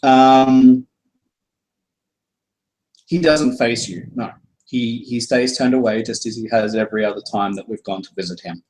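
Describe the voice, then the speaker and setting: A man narrating as game master in an unhurried way, with many fillers. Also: mid-range voice, fairly even intonation, a little mellow, low-quality recording.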